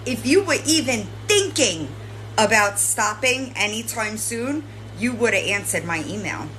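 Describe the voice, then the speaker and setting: A woman's voice: a little high, animated, unhurried, a bit bright, a little hiss or hum, poor audio. A woman host lecturing and scolding someone directly, swearing and tagging her points with "right?". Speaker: commentary channel host. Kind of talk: confrontational commentary addressing a streamer.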